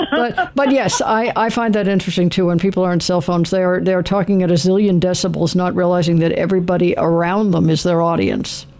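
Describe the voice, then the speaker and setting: A man's voice: high-pitched, steady tone, a little fast, hardly any pauses, darkish tone. Chatty male radio host. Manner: chatty, explanatory, many restarts. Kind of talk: casual call-in chat.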